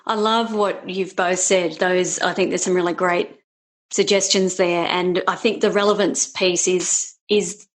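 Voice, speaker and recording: A woman's voice: lowish voice, level tone, measured pace. A woman with an Australian accent, a podcast guest talking agreeably and thoughtfully. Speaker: podcast guest, business owner. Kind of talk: casual conversation.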